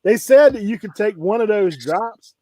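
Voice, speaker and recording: A man with a drawl rambles through stories in a loose, laughing way. His voice sits a little high for a man. It is recorded close and dry, with no room sound. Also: animated, moderate pace, warm tone, no echo. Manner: laid-back rambling storyteller, laughs often. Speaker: co-host reseller. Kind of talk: casual storytelling chat.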